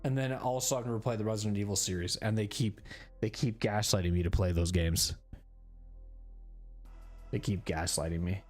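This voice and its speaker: A man's voice: lowish voice, steady tone, normal speed, long pauses, a little mellow. A man in his forties chatting casually on a gaming live stream, rambling, repeating himself and poking fun at himself. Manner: rambling, self-deprecating, repeats phrases. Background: faint background music.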